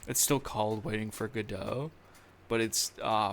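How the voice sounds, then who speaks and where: A man's voice: on the low side, moderate pace, gravelly. A young man chatting casually on a live stream, rambling and joking at his own expense with lots of fillers. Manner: rambling, self-deprecating, filler-heavy. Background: faint music.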